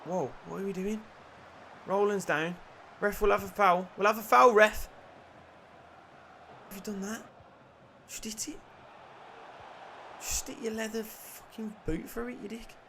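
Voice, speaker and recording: A young man commentating his own football video game, excitable, muttering and then shouting, swearing and joking. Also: high voice, measured pace, gravelly, long pauses, background noise. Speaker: gaming YouTuber. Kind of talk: live gameplay commentary.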